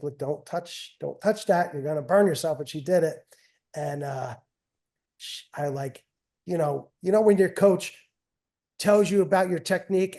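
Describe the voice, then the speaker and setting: A middle-aged man with a fairly high, mellow voice. He tells stories casually as a guest, rambling, repeating phrases and trailing off at the ends of thoughts. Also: gravelly. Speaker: guest, wrestling coach and father. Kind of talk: casual storytelling.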